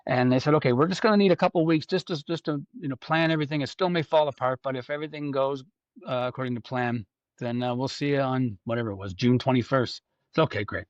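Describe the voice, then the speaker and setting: A man's voice: mid-range voice, dry recording, muffled recording. Canadian man telling a story. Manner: animated anecdote-telling, acting out quoted voices. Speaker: musician guest. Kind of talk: casual storytelling.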